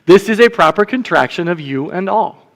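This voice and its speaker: Deacon giving a casual sermon, slightly high male voice, keeps checking in with the room, reverberant church sound. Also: lively intonation, moderate pace, creaky. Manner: conversational, checks in with the congregation. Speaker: deacon preaching. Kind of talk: sermon teaching. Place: church sanctuary.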